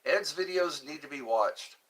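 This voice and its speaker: A man hosting a casual livestream, reading viewer comments aloud and answering them in a slow, drawn-out, jokey way, often repeating his phrases. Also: on the high side, animated, fairly bright tone, husky. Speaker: livestream host.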